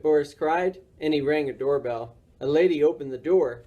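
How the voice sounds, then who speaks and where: A woman librarian reading a picture book aloud at a children's story time, slow and expressive. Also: sits low.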